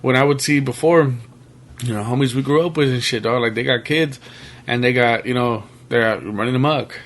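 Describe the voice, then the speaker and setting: A man's voice: medium pitch, brisk. A young man chatting casually as a podcast guest, slangy and filler-heavy, tossing in "bro" and "dog" constantly. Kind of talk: casual chat.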